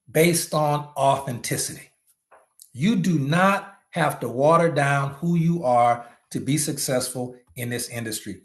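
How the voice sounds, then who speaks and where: A man giving a motivational leadership talk to network marketers, animated and preachy, with slangy asides and sudden shouts. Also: fairly high pitch.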